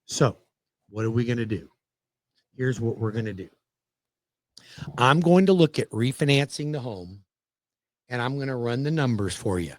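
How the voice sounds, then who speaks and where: A man hosting a radio show as a mortgage lender, telling a client story in a persuasive, animated way, with big swings in pitch and loudness for emphasis. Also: moderate pace, long pauses, no room sound, studio quality.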